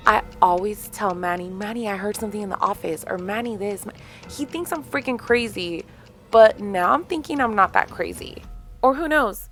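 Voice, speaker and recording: A woman in her thirties hosting a casual podcast, telling stories animatedly with lots of fillers and a few phrases. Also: medium pitch. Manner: animated storytelling, many fillers, Spanish phrases mixed in. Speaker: podcast host.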